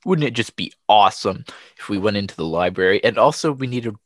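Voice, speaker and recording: A man's voice: lowish voice, fast talker, dry recording, clean studio sound. A young man co-hosting a podcast, telling stories in a casual chat and laughing often. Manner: laughs often, animated storytelling. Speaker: podcast co-host.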